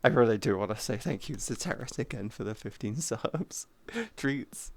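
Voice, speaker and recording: A woman streaming live, chatting casually with her chat, giggly and playful, sometimes cooing softly in baby-talk. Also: a bass voice, animated, moderate pace, creaky. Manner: giggly, playful, often laughing.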